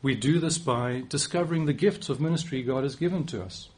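A South African man in his forties delivers a sermon in a relaxed, conversational way. His voice is slightly husky and his pitch sits in an ordinary middle range. He often restarts phrases and teases himself gently as he talks. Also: brisk. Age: 40s. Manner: conversational, self-deprecating, with frequent restarts. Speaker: preacher.

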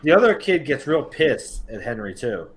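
A man's voice: medium pitch, big pitch swings, normal speed, husky. A man co-hosting a podcast, tossing crude joking remarks into casual chat. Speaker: podcast co-host.

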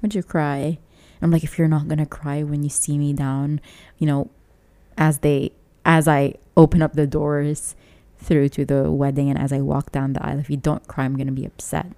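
A woman's voice: deep voice, flat delivery, moderate pace, dark tone. A young woman co-hosting a casual chat, teasing her partner and laughing often. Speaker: podcast co-host, newlywed wife.

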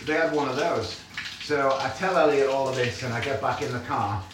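A man hosting a podcast, telling a story in a chatty, animated way with casual fillers. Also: mid-range voice, normal speed, background noise. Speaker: podcast host. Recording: echoey room.

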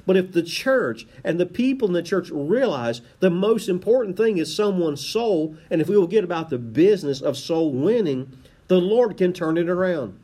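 A passionate preacher delivers a sermon in a voice pitched a little high for a man. His pitch swings widely, rising for calls and dropping low for solemn lines. He often repeats words as he builds toward a point. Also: animated, normal speed, mellow. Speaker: pastor.

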